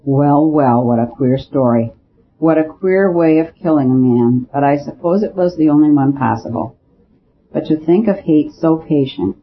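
A man's voice: fairly high pitch, normal speed, natural voice. A man voicing a small, thoughtful priest detective who talks in a careful, hesitant way. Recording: dull lo-fi recording with faint hiss.

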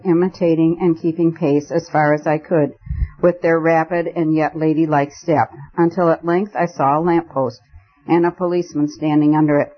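A man reading a first-person novel as an audiobook narrator, measured and storytelling. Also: a little high. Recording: dull lo-fi recording.

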